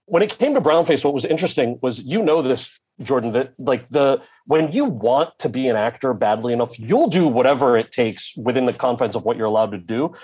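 A man speaking as an actor and guest, telling a candid story in conversation, lively, slipping into the voices of the people he quotes. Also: mid-range voice, breathy edge. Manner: animated storyteller who acts out quoted voices.

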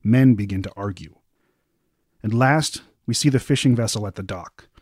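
A man running a tabletop fantasy game, his voice warm and mellow as he paints each scene in measured detail. The sound is close and dry, with no room around it. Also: lowish voice, no room sound. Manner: descriptive, measured narration. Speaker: game master.

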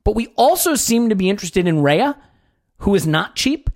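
A man's voice: high-pitched, big pitch swings, moderate pace. A man hosting a sports podcast, chatting casually in a wry, joking, rambling way. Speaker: podcast host.

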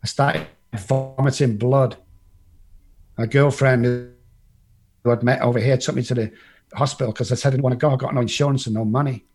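A man's voice: mid-range voice, fairly even intonation, moderate pace, pauses often. An English man telling his life story in a blunt, casual way, swearing freely and acting out what other people said. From England.

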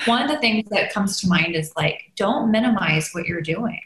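A woman's voice: mid-range voice, expressive, moderate pace, a bit bright. A woman life coach who is a guest on a podcast and talks in a reassuring, encouraging and direct way. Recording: roomy echo.

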